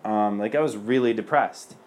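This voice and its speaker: A man's voice: lowish voice, moderate pace, darkish tone. A young man speaking as a priest, giving an earnest personal testimony in a loose conversational way. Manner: earnest and conversational, many fillers.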